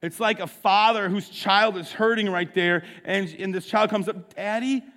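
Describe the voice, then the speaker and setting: A man preaching a sermon as pastor, impassioned, swinging from hushed to loud. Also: high voice, steady tone, normal speed. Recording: long reverb of a large hall.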